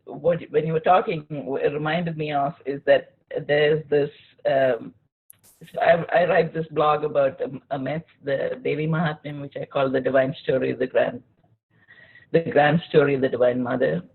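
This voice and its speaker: Thoughtful woman interviewer, husky voice, phone-quality line. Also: sits low, fairly even intonation, normal speed. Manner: thoughtful, searching, with frequent restarts. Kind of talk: reflective conversation.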